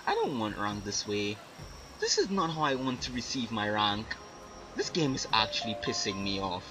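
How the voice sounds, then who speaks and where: Excitable young man ranting over gameplay. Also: moderate pace, faint music behind. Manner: excitable ranting with big pitch swings. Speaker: gaming video creator. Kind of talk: gameplay commentary. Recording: noisy background.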